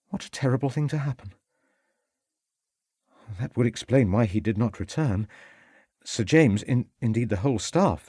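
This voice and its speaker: A man's voice: darkish tone, breathy edge, no echo, studio quality, heavily acted. A man voicing a fussy, anxious male butler who talks in a proper, superior way. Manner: superior, flustered, high and fluttery.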